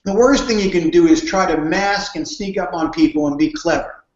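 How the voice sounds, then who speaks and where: Guy with a high voice giving earnest advice, talks in stories, lots of restarts, kinda dull muffled line. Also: moderate pace. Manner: storytelling, earnest, with frequent restarts. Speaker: guest speaker on network marketing. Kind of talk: conversational interview answers. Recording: dull, roomy sound.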